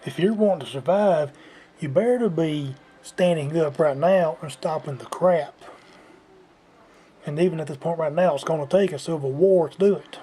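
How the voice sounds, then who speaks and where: Man, vlogger, blunt lecturing rant, higher-pitched mellow voice, faint hiss behind. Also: moderate pace. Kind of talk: unscripted ranting monologue.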